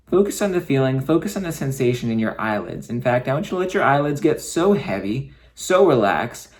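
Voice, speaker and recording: Soft-spoken male hypnotist. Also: medium pitch. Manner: slow, soothing, repetitive suggestions, often dropping to a soft near-whisper. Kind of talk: guided hypnosis session.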